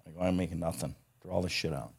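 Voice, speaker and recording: A man's voice: sits low, fairly even intonation, very fast, creaky, slightly rough. A middle-aged man telling stories in a casual interview, blunt and profane, often laughing as he talks. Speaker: guest, parts company founder.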